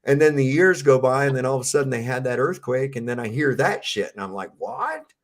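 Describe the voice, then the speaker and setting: A man's voice: mid-range voice, fast. A man telling a long, rambling story in a casual panel chat, swearing freely.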